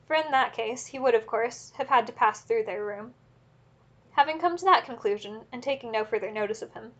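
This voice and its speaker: A woman narrating a classic novel as an audiobook in a steady, measured reading. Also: a little high, dull audio.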